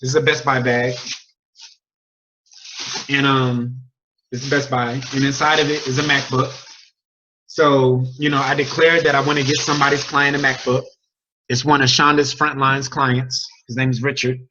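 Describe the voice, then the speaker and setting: A man coaching his team on a group video call, telling a story with an energetic, chatty manner and questions to the group. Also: medium pitch, moderate pace, long pauses. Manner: energetic, chatty, sports metaphors and crowd questions. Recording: dull lo-fi video call audio.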